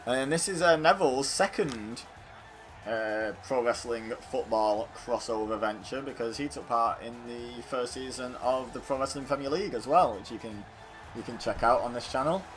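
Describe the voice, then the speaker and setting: A man's voice: mid-range voice, moderate pace, faint music behind. A young man with a Salford accent, the host of a gaming channel, giving chatty, rambling commentary over a video game wrestling match. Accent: Salford, Greater Manchester. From England. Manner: chatty and animated, rambling asides.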